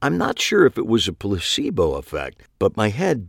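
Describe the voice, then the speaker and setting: A man narrating a first-person audiobook in a wry, deadpan manner. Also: fairly low pitch, moderate pace, vocal fry, husky, dry recording, studio quality.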